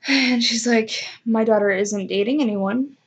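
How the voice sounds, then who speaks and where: A young woman with a fairly high voice and measured pace casually tells a personal story. She's chatty and self-mocking, acting out the voices of what other people said.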